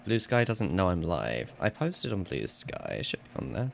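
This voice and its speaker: A man's voice: low voice, very animated, normal speed, vocal fry, a little hiss or hum. A man live-streaming casually, rambling to himself as he fixes tech problems and laughing at himself. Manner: rambling, talks to himself while fixing tech; laughs at himself, self-mocking.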